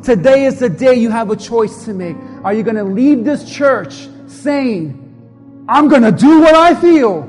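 A man's voice: very high-pitched, a little mellow. A man preaching as a pastor, giving an impassioned altar-call sermon with a repetitive preaching cadence and leading the congregation in prayer. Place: church sanctuary. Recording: long hall reverb, faint music.

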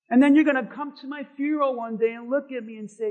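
Pastor guy with a really high voice preaching to his church, yelling some bits then going quiet and chatty. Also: steady tone, fast, hardly any pauses, lo-fi sound. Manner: swings from loud shouting to quiet chatty asides with the congregation. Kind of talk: sermon. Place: church sanctuary before a congregation.

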